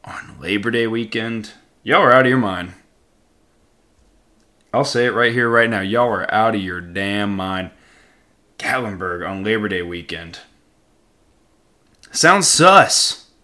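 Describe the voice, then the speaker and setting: A young man hosting a casual solo podcast, rambling and joking, with sudden loud outbursts. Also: on the low side, a little slow, long pauses. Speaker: podcast host.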